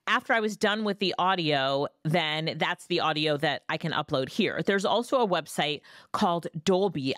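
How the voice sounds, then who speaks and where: A woman hosting a casual software tutorial, chatty and lively, recorded on a studio microphone. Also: lowish voice, clear, resonant tone, no room sound. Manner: chatty, lively ups and downs. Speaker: tutorial host. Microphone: studio dynamic mic.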